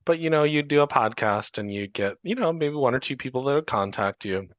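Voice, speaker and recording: A man who hosts a podcast, talking casually and relaxed, chuckling easily and filling gaps with ums. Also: medium pitch, a little fast, no room sound. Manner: relaxed, laughs easily, chatty with fillers. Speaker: podcast host. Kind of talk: casual conversation. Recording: dry, dull lo-fi sound.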